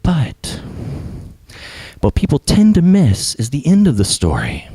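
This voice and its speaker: A young adult man preaching a sermon as pastor, animated, sometimes dropping to a hush for emphasis. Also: medium pitch, no room sound.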